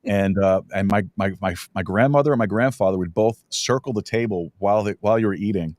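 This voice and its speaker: A middle-aged man hosting a podcast, chatting casually and telling stories with lots of halting restarts. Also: lowish voice, darkish tone, dry recording, studio quality. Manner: rambling, halting storyteller with many restarts. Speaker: podcast host. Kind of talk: casual chat. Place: podcast studio.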